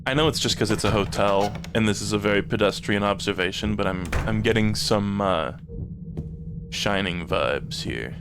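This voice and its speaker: A man streaming a horror game, joking, swearing and reacting with lively excitement. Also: lowish voice, a little fast, hardly any pauses. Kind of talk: casual live game commentary. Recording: game music playing behind. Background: game soundtrack music.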